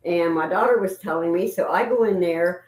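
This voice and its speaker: A woman's voice: on the low side, normal speed, a little mellow. Emotional woman in an echoey room. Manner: emotional, rambling storytelling. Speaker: paranormal investigator guest. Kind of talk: casual chat.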